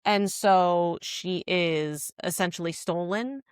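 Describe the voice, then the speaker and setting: A woman's voice: fairly low pitch, slow, clean tone, no echo, studio quality. A woman co-hosting a podcast, casually retelling a drama scene with lots of "like" fillers. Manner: rambling retelling full of "like" fillers. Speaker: podcast co-host.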